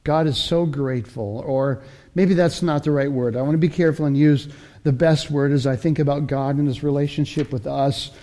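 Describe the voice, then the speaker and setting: Mellow-voiced man preaching a sermon. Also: on the high side, fairly even intonation, normal speed. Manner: conversational Bible teaching with frequent self-corrections.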